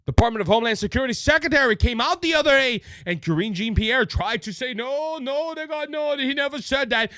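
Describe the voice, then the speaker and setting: A man's voice: very high voice, bright, forceful tone, no echo, clean studio sound. A man with a Cajun accent hosting a political show, ranting passionately, raising his voice and repeating words as he restarts. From Louisiana. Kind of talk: political commentary rant. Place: studio with a monitor.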